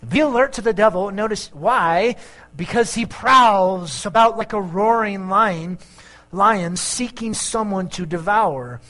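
A male pastor preaching a sermon in an animated way, mixing jokes and asides into his points. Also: high-pitched, low-quality recording.

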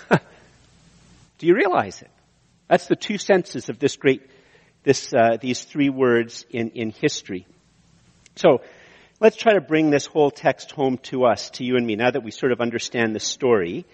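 A Canadian man preaching to a congregation, his voice carrying a long reverberant tail through a large hall. He talks in a mid pitch, animated and conversational, climbing to emphatic peaks and stumbling into restarts now and then. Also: moderate pace. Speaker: pastor. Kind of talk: sermon.

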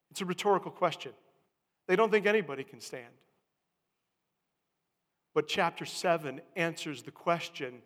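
Male preacher, dynamic sermon delivery, slightly high voice, echoing church hall. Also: normal speed. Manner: swings from hushed to loud emphatic calls.

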